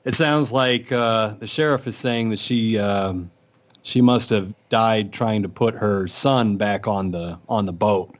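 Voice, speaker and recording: Brief: male co-host, lowish voice, plain and steady, matter-of-fact news recap. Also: a little slow. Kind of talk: casual news chat.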